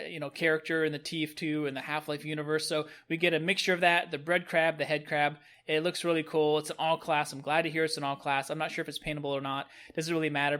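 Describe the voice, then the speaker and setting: A man's voice: on the high side, a bit bright. A young man casually reviewing new game cosmetics, upbeat and rambling. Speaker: gaming video host.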